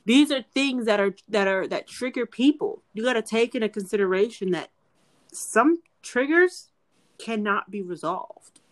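Her voice sits a little high and sounds expressive, moving at a measured pace. She is a young adult podcast co-host in casual conversation, earnestly pleading and saying the same thing again and again.

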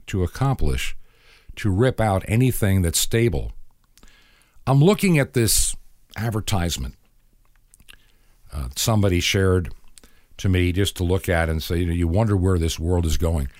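In a deep, slightly mellow voice with lively intonation and a moderate pace, a middle-aged man preaches on his radio show. He's earnest and moralizing and acts out dialogue in quotes, recorded in clean studio sound without echo.

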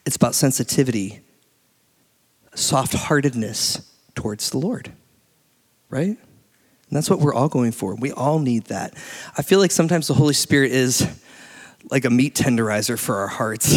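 A man in his late thirties preaching a sermon in a church, telling stories with lively energy and laughing often. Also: medium pitch, normal speed, pauses often. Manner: animated storytelling, laughs often. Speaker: pastor. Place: church hall. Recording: long hall reverb.

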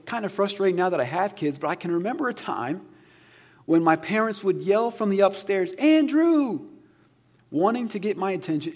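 A man preaching a sermon as a pastor, earnest and conversational with touches of humor. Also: sits high.

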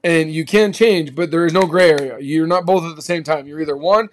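A man's voice: a little high, fairly quick, slight background noise. A man hosting a podcast, giving an emphatic, slangy motivational talk. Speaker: podcast host.

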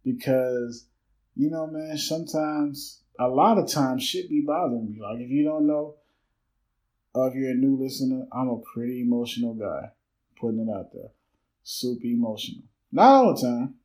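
A man's voice: medium pitch, moderate pace, a little mellow, poor audio. Candid, reflective man in his thirties. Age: 30s. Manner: candid, rambling, swears freely, reflective. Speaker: podcast host. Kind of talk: unscripted solo podcast monologue.

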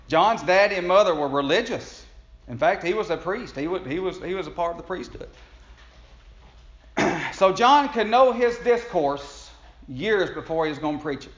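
A man's voice: on the high side, a bit bright. A man preaching a sermon in a folksy, conversational way, chuckling and restarting his sentences. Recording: echoey room, dull lo-fi sound.

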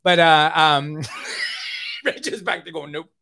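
A man's voice: a little high, slow, creaky, pushed and bright, no room sound, clean studio sound. A middle-aged man telling a personal recovery story in a casual, confiding way. He often repeats words and keeps saying "man.". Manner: earnest, confiding.

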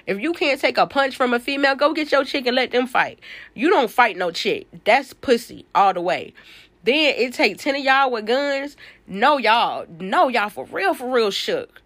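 A woman's voice: fairly high pitch, expressive, moderate pace, a bit bright, no room sound. A young woman hosting her own podcast, telling stories in a blunt, profane, casual monologue. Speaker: podcast host.

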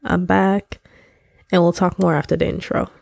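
A young woman hosts her solo podcast, sounding nasal and congested. Her low voice carries a gravelly fry, and she talks in a loose, slangy, candid way. The close mic is dry, with no room sound. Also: level tone, normal speed, darkish tone, dry recording. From Nigeria. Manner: chatty, candid, slangy, laughs often. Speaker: podcast host. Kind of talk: casual solo podcast chat.

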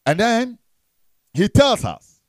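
A man preaching a sermon, leading the congregation in call-and-response with shouted, sing-song emphasis and frequent repetition. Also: high-pitched, huge pitch swings, takes it slowly, dry recording, studio quality. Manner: repeats words and restarts.

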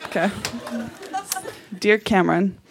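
A woman's voice: medium pitch, steady tone, takes it slowly, gravelly, a crowd in the background, background noise. A woman on stage at a live show, reading her old letters aloud with mock outrage while the audience laughs.

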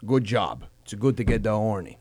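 Older Italian-accented immigrant father with broken English, low and deadpan, as a man puts him on. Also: dry recording. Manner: broken English, slow mumbling. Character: elderly immigrant father, blunt and oblivious.

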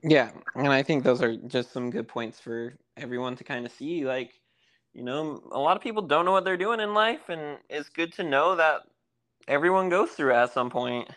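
A man's voice: fairly high pitch, moderate pace, a bit bright. A man co-hosting a podcast, moving the talk along in an easygoing way and leaning on fillers like "like.". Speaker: podcast co-host. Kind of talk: casual podcast chat.

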